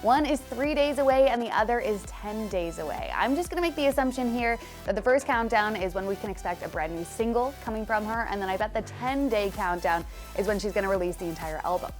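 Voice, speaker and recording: A young adult woman presents music news with a breezy, chatty delivery and friendly personal asides. Her voice sits at a middle pitch. Faint music plays behind her. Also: lively intonation, fairly quick. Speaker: entertainment news host. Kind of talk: upbeat scripted news presenting.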